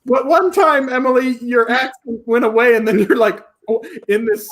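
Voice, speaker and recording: A reunion host leading a casual video-call chat with castmates, chatty and quick to laugh. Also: medium pitch.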